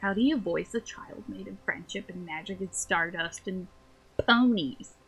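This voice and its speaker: A woman's voice: medium pitch, a little slow, fairly bright tone, breathy edge. A woman from the Southern US chatting casually as she streams a game, giggly and rambling.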